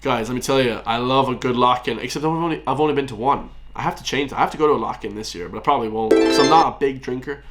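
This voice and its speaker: A man's voice: medium pitch, fast talker, few pauses, music in the background. A young man with a West of Ireland accent, chatting casually as he reacts to a video and talks to his viewers. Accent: Irish, West of Ireland. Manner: chatty, addresses viewers as guys and lads.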